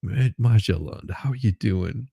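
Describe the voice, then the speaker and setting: Gravelly, slow-talking man. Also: on the low side, dark tone, no room sound, muffled recording. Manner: laughs often, greets chat viewers by name. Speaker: livestream host. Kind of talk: casual morning livestream chat.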